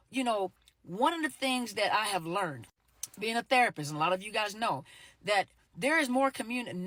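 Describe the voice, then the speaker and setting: This middle-aged therapist and coach speaks casually straight to the camera, her medium-pitched voice fairly bright with no echo. She leans on "you know" fillers and repeats words, and now and then she acts out short quoted exchanges.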